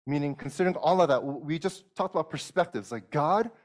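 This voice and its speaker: A man's voice: on the high side, expressive, quick pace. A man in his thirties, a pastor preaching a sermon in an earnest way, often restarting and repeating words as he explains.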